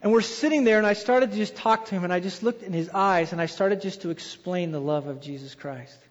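Man, pastor, sermon, high-pitched voice, animated storytelling, long hall reverb. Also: fairly quick. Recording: dull reverberant hall sound.

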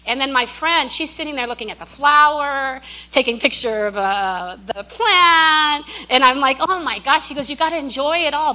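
A woman delivers a sermon in a high, ringing voice. She is emphatic, repeats key lines for weight, and breaks into animated asides. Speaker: preacher.

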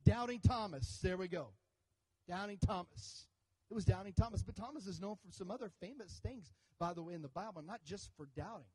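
A man's voice: high-pitched, fast talker, few pauses, husky, low-quality recording. A man preaching a sermon to his church, telling a story with jokes and calls for the congregation to answer. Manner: animated storytelling with jokes and audience call-outs. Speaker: pastor.

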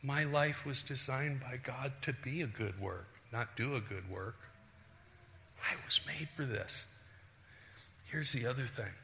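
A middle-aged man preaches a sermon in a church, his voice bright and forceful. He acts out quoted voices and swings from loud bursts to hushed asides. Long reverb trails off each phrase in the big hall. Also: mid-range voice, fairly even intonation, normal speed, hardly any pauses, slight background noise. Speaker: pastor.

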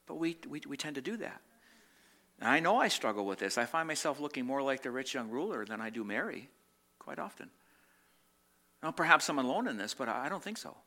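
Man, pastor delivering a sermon; bright, forceful voice; rhetorical questions, repeats lines, swings loud to hushed. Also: mid-range voice, very animated. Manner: swings between loud emphatic peaks and quiet, slowed reflective passages.

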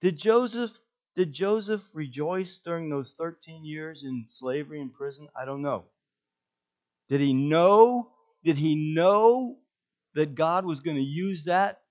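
A man preaching a sermon, telling the story with animated delivery and acted-out quotes. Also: fairly high pitch, slow, muffled recording. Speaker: pastor.

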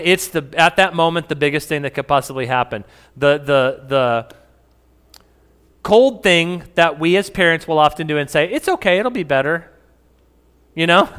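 A man's voice: a little high, normal speed, pushed and bright, smooth. A man preaching a sermon to a congregation in a conversational, joking way. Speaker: pastor. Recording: echoey hall.

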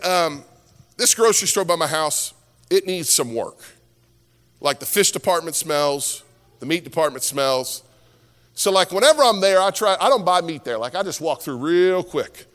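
A man's voice: high voice, a bit bright. A man preaching a sermon as a pastor, telling a story and building to impassioned exhortation. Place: church sanctuary with worship music. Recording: reverberant hall with music behind.

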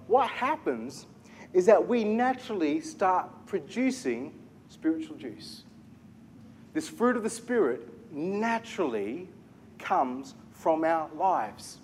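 A man preaching a sermon as pastor, animated, asking the congregation questions and repeating key phrases. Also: high voice, a little hiss or hum.

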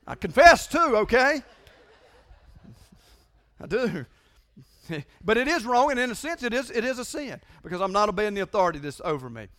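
A man's voice: high-pitched, expressive, quick pace, fairly bright tone. A man preaches a sermon. He talks conversationally, presses key points hard and repeats phrases for emphasis. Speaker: pastor.

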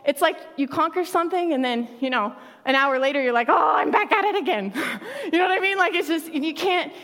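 High-voiced woman pastor in a reverberant hall. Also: expressive, fairly quick, fairly bright tone. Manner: conversational, laughs often, acts out quotes. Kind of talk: sermon.

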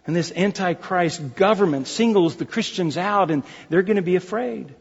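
A man's voice: sits high, moderate pace, creaky, husky. A male pastor preaching a sermon, emphatic and repetitive, calling the congregation folks. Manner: emphatic, repeats key phrases. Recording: dull reverberant hall recording.

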